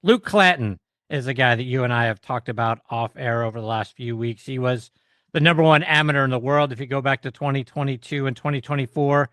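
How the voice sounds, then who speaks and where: A man's voice: mid-range voice, brisk, a bit bright, no echo, studio quality. A middle-aged man hosting a golf podcast, introducing his guest and setting up topics with upbeat, emphatic delivery. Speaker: podcast host.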